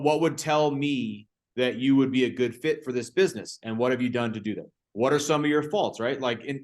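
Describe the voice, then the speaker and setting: A man guest explaining franchise steps point by point, often checking in with "right?". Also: mid-range voice. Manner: ends points with tag questions. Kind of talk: explaining a process.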